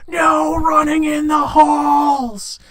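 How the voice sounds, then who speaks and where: A man's voice: on the high side, very animated, normal speed, crowd noise. A man voicing an irritable, short-tempered male dwarf clerk at a tabletop game table. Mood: shouting. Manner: irritable, shouts at children. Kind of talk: tabletop game role-play.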